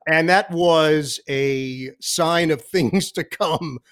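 A man who works as a sports broadcaster, telling lively anecdotes as a podcast guest and mimicking the people in them. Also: on the high side, very slow, clean tone. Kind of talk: animated storytelling in a podcast interview.

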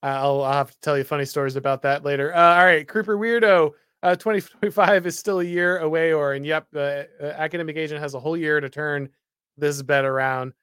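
A man's voice: on the high side, fairly quick, a bit bright, smooth, no room sound. A male host casually reading viewer comments aloud with dry humor and frequent filler. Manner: dry, wry, reads chat aloud with filler "uh". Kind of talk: casual livestream chat.

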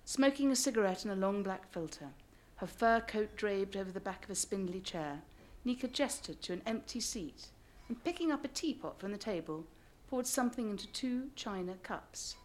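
An English woman reads from her own memoir to a live audience. Her pitch sits in the middle of the range, and she breaks off now and then for dry, joking asides. She tells the story in a wry, anecdotal way. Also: expressive, moderate pace, hardly any pauses, darkish tone, a little hiss or hum. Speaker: author.

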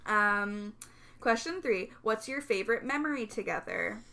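Bright-voiced giggly young woman. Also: a little high, expressive, a little slow. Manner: chatty, giggly, heavy use of "like". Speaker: co-host. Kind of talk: casual chat between friends.

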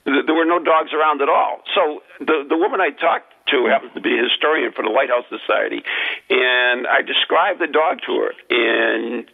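A man's voice: mid-range voice, normal speed, creaky. A man telling a ghost story in a casual chat, hesitant, with many ums and uhs. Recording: tinny phone-line audio.

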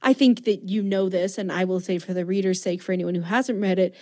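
A woman's voice: fairly low pitch, steady tone, brisk, mellow, no echo, clean studio sound. A woman hosting a podcast interview, speaking with gushing enthusiasm about a book. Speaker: podcast host. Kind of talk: casual interview chat.

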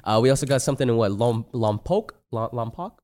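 A man's voice: mid-range voice, steady tone, rapid-fire, darkish tone. A young man co-hosting a casual podcast, joking loosely and hyping sponsor plugs. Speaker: podcast co-host. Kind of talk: casual stoner podcast chat.

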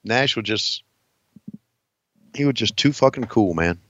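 A man's voice: fairly low pitch, animated, unhurried, no room sound, muffled recording. A man cohosting a podcast, chatting casually, swearing a lot and laughing easily. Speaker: podcast co-host. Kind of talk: casual profane chat.

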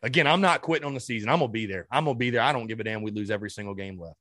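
Venting about sports, a male podcast host rants in a heated fury, swearing and stammering, lurching between loud blasts and low muttering. He speaks very fast. The sound is clean studio audio with no room sound.

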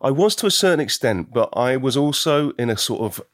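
A man's voice: medium pitch, expressive, fairly quick, no room sound, clean studio sound. A British actor in a casual interview, reflective and laughing easily, often restarting his sentences. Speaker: actor, guest.

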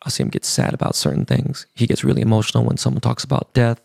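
A middle-aged man with a deeply gravelly, fry-heavy voice talks straight into the mic in a dry, close sound. He tells a personal story candidly, with emotion and casual swearing, in a loose podcast monologue. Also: flat delivery, fast, darkish tone, dry recording. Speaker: podcast host.

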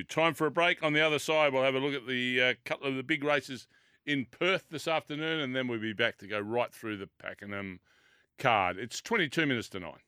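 An Australian man fronting a racing radio show from the studio, his voice bright and smooth with a dry, close sound. He moves the talk along in a chatty way, stopping now and then for a filler. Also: medium pitch, no room sound. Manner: chatty, leads segments, pauses with fillers.

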